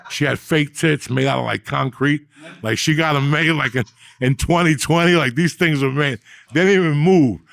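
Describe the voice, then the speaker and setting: A man hosting a podcast, telling a long profane story in a loud, animated street manner. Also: a little high, normal speed, creaky. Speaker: podcast host. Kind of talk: casual storytelling.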